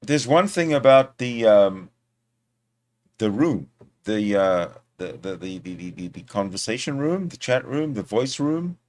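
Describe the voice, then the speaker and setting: Man, streaming host with a lowish voice, loose rambling delivery, many fillers and restarts, talking into a desktop mic. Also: sing-song, a little slow, a little mellow. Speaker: livestream host. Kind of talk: casual rambling monologue.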